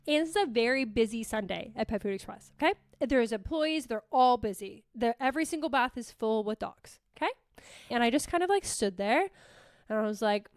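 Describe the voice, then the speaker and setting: A young woman hosting a podcast, telling a story in a casual, animated way, swearing freely and talking to listeners as "you guys.". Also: a little high, a little fast, no echo. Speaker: podcast host.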